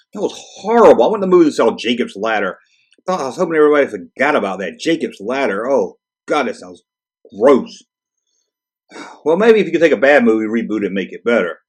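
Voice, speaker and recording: A man's voice: medium pitch, breathy edge. A man hosting his channel, reading through a list and reacting with exasperated, sarcastic commentary and frequent swearing. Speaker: channel host. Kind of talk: casual ranting commentary.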